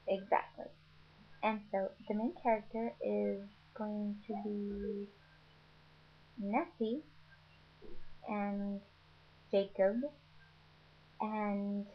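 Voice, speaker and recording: A woman's voice: medium pitch, fairly even intonation, takes it slowly, long pauses. A young woman telling a made-up story in a rambling, sarcastic, offhand way, on a dull lo-fi webcam mic. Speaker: vlogger. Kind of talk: casual storytelling.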